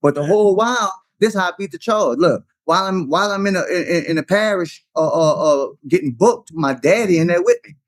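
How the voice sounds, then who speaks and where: In casual storytelling, a man in his 30s talks at length with animated, slangy energy, frequently saying "son" and "dog." His voice sits high and moves briskly, and the studio-quality recording has no room sound.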